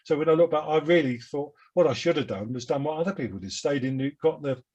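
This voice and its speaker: A man in his seventies with a London Cockney accent, a guest telling rambling, self-deprecating stories in a relaxed interview over a video call. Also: a little high, fast talker, lo-fi sound. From London, England. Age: 70s. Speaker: guest musician. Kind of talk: reflective interview chat.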